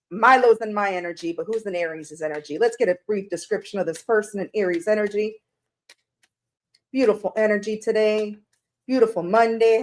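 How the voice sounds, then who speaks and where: A woman reading tarot on a casual live stream, chatty and rambling, greeting viewers by name and laughing at her own slips. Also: medium pitch.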